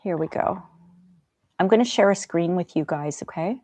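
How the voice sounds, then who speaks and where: A gentle, chatty middle-aged woman hosting a live stream, talking to viewers and laughing now and then. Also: lowish voice, normal speed, no room sound. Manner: gentle, chatty, laughs often, soft asides. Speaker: live stream host reading chat. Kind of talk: casual live stream chat.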